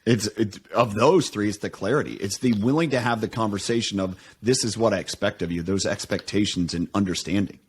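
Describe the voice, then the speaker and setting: A man hosting an interview podcast, relaxed and offering brief affirmations. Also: fairly low pitch, a little fast, few pauses, breathy edge. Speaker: podcast host. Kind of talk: casual interview conversation.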